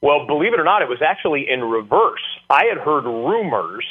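A man guest telling animated stories with many fillers during an interview. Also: on the high side, a little fast, slightly rough. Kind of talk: casual storytelling interview. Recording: tinny phone line.

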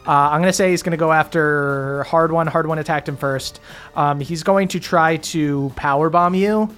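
A man narrating a tabletop game as game master, relaxed, often laughing, with frequent ums. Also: fairly high pitch, normal speed, clear, resonant tone, faint music behind.

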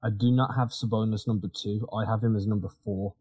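A man co-hosting a casual sports podcast, talking in an animated, quick way with frequent restarts. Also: lowish voice, slightly rough, no echo. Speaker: podcast co-host.

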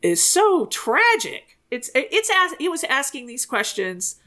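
A woman co-hosting a podcast, talking in a chatty, animated way and laughing often. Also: high-pitched, takes it slowly. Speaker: podcast co-host. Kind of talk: casual chat.

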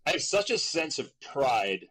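A middle-aged man from Berkeley, an actor and guest, telling stories in a casual interview, rambling with fillers and leaping in pitch when he acts out voices. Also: a little slow, husky, low-quality recording. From Berkeley, California. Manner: animated, acts out quoted voices with big pitch jumps; rambling with many fillers and restarts.

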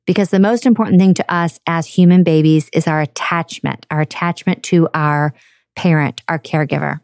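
Warm-voiced woman podcast host. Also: low voice, steady tone, normal speed, dry recording, clean studio sound. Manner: earnest, conversational, acts out quoted parents. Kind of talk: self-help monologue.

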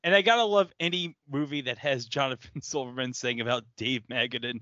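A man's voice: medium pitch, a little fast, few pauses, sharp tone, dry recording. A man co-hosting a podcast in casual chat, chiming in eagerly and often saying "dude". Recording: dry, dull lo-fi sound.

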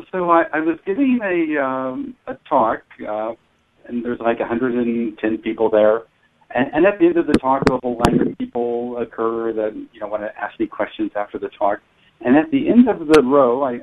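A man guest telling stories on a talk show, halting and hesitant with frequent restarts, heard over a phone line. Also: mid-range voice, animated. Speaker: guest dream expert. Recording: tinny phone-line sound.

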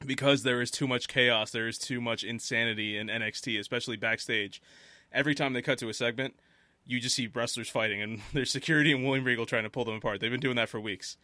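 A man hosting a casual chat show, telling stories in an animated way and laughing often. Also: mid-range voice, no room sound.

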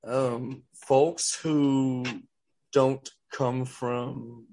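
A man's voice: medium pitch, flat delivery, drawn-out words, warm tone. A man from Louisiana with a Cajun accent, co-hosting a podcast and chatting casually and jokingly about a horror film. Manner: joking, laid-back. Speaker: podcast co-host. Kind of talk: casual movie chat.

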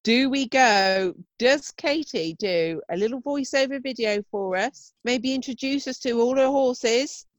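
A woman's voice: fairly high pitch, measured pace, hardly any pauses, no room sound. A woman co-hosting a podcast, enthusiastic and coaxing in casual chat, often giggling. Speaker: podcast co-host.

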